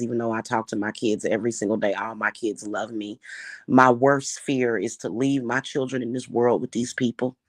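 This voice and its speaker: Heated and profane, a middle-aged spiritual reader and spellwork vlogger rants to camera, unscripted and angry. Her voice is bass-deep and steady in tone at normal speed, captured dry with clean studio sound. She often repeats herself and starts her sentences over.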